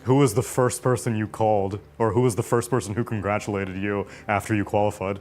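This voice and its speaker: A man's voice: on the low side, steady tone, a little fast, a little mellow, faint music behind. A man interviewing a player, asking questions in an upbeat, encouraging way.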